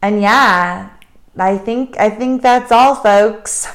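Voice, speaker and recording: A chatty woman co-hosting a relaxed podcast, talking openly about her feelings. Her voice sits at a middling pitch for a woman, and she rambles easily. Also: slow pace. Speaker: podcast co-host and hiking trip leader. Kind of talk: casual podcast chat. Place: Cusco, Peru.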